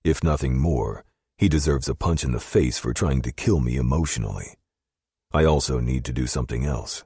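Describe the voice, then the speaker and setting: Very deep husky male audiobook narrator. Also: normal speed, darkish tone, no room sound, clean studio sound. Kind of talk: first-person romance audiobook narration.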